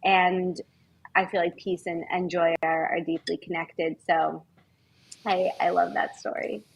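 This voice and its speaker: A woman guest on a podcast, speaking in an earnest, heartfelt, measured way in casual conversation. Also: lowish voice, level tone, gravelly, breathy edge, lo-fi sound.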